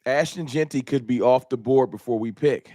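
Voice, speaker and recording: A man hosts a live fan talk stream, chatting in a loose, slangy, animated way. His voice sits in a middle range. The sound is dry and close with no room echo. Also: mid-range voice, normal speed. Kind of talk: casual live-stream chat.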